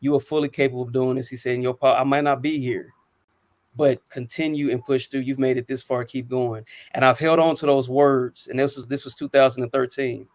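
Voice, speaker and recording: A man's voice: medium pitch, steady tone, a little fast, dry recording. A man in his thirties telling personal stories on a panel talk show, earnest and reflective, with frequent ums and restarts. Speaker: co-host.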